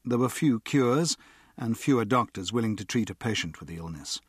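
A man reading an audiobook as narrator, steady and even. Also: on the low side, normal speed, husky, no room sound, clean studio sound. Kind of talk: scripted narration.

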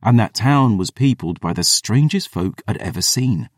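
Deep-voiced man narrating a fantasy audiobook. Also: lively intonation, no room sound, studio quality. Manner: measured, descriptive, first-person.

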